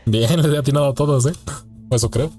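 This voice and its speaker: Fast-talking Latin American gaming streamer. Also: male voice, mid-range voice, soft background music. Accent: Latin American Spanish. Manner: relaxed, joking asides. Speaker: gameplay streamer. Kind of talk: let's play commentary.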